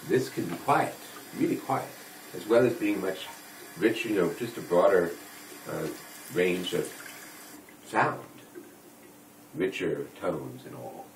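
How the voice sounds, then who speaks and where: A man's voice: low voice, slow pace, long pauses, a little hiss or hum, rough recording. A man talking to his viewers in a rambling, wry, self-correcting late-night monologue on a dedicated microphone. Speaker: video blogger. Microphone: dedicated microphone rather than phone.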